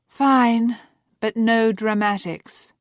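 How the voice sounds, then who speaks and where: A woman voicing a young woman who gently scolds her teasing sister, embarrassed. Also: on the high side, fairly even intonation, extremely slow, no room sound, studio quality, pitched above the performer's own voice. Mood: exasperated.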